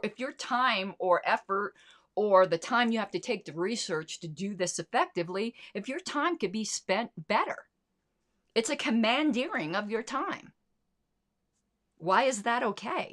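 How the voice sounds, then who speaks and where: A woman's voice: mid-range voice, animated, unhurried, fairly bright tone. A middle-aged woman hosting a solo commentary show, talking in an indignant, sarcastic way and swearing freely. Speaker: podcast host.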